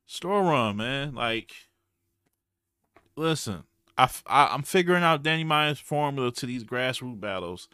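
A man hosting a podcast, giving a blunt, slangy, animated recap with frequent restarts. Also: mid-range voice, unhurried, smooth, no echo, clean studio sound. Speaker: podcast host. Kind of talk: casual recap commentary.

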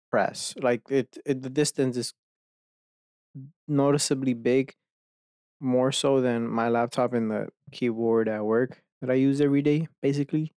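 A man at his home desk talks into a close microphone in a loose, unscripted podcast ramble. His voice sits in an ordinary middle pitch and sounds dry and close, with no room around it. He curses casually and breaks into laughs between words. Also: a little mellow, no room sound. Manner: rambling, swears often, laughs mid-sentence. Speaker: podcast host. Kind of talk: casual solo podcast chat.

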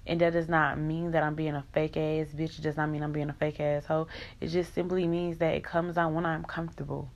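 A woman's voice: deep voice, level tone, brisk. A young woman in an emotional vlog rant, venting in raw, profane country slang.

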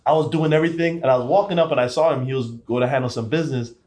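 A man's voice: mid-range voice, very fast, a little mellow. Earnest man retelling a moment. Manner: earnest, repeats himself, retells scenes. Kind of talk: casual chat.

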